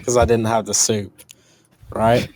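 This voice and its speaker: A British man playing a tabletop game, halting and repeating his words. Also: lowish voice, flat delivery, darkish tone, no room sound. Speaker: player. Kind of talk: casual tabletop role-play.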